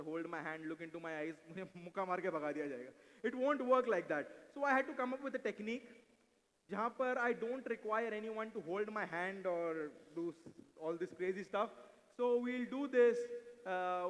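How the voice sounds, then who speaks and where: Male mentalist, playful stage patter, rapid delivery, handheld mic in a reverberant hall. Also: high voice. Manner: brisk and playful, mixing English with Hindi, coaxing volunteers. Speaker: stage mentalist performing card tricks. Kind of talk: live stage mentalism act with audience volunteers. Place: large event hall. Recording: live hall recording with long reverb.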